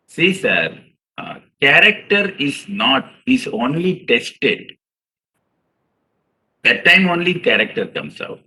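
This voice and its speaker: A man's voice: mid-range voice, big pitch swings, slow, pushed and bright, poor audio. A man giving an earnest seminar lecture to fellow chartered accountants, telling stories and calling his listeners "sir". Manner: earnest, addresses audience as "sir", acts out quotes.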